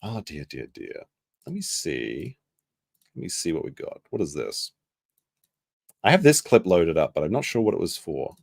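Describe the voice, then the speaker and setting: Brief: lowish male commentator, lively swinging delivery, dry close sound, rambling and self-correcting. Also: normal speed, gravelly, long pauses, no echo. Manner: rambling, self-correcting, mimics people he quotes. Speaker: commentary streamer. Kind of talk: casual live commentary.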